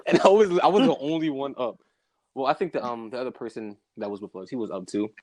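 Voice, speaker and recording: A young man co-hosting a podcast, telling stories in a relaxed, teasing way with frequent laughs. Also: medium pitch, fast talker, dry recording, poor audio. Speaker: podcast co-host. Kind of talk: casual chat.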